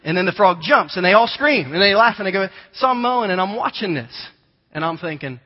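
A man preaches in a casual, storytelling way, his voice sitting a little high for a man. He is recorded in a large church hall with a long reverb trailing his words. The sound is dull and lo-fi. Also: a little fast. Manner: conversational storytelling, animated imitations of children. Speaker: pastor. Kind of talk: sermon.

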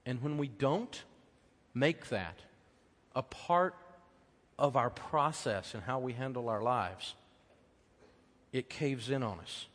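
Middle-aged American man, pastor, chatty sermon storytelling, loud then hushed, mid-pitched, long church reverb. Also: slow, pauses often. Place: church auditorium.

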